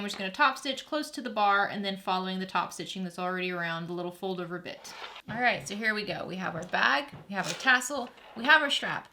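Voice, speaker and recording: A woman's voice: mid-range voice, bright, forceful tone, slight background noise. A woman hosting a sewing tutorial, giving friendly, practical step-by-step instructions while she works at her machine.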